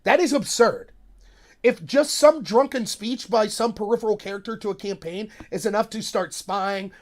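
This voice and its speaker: A man with a high, light voice hosts his own political commentary video. He talks in an animated, sarcastic way, swings up and down in pitch, and mocks the voices of the people he quotes.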